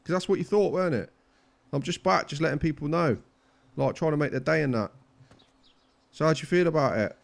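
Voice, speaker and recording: A young man with a fairly high voice, needling strangers over in-game voice chat. He keeps pressing the same question in a persistent, cheeky, mock-offended way. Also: fairly quick, vocal fry, long pauses. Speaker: gaming YouTuber.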